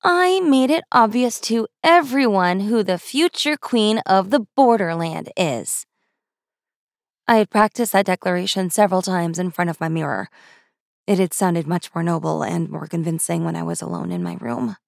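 A woman narrating a first-person fantasy story in a wry, brisk way. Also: on the low side, vocal fry, dry recording, clean studio sound. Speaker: audiobook narrator.

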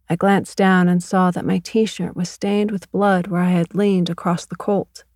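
A woman narrating a first-person audiobook in a measured, even way. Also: fairly low pitch, no room sound, studio quality.

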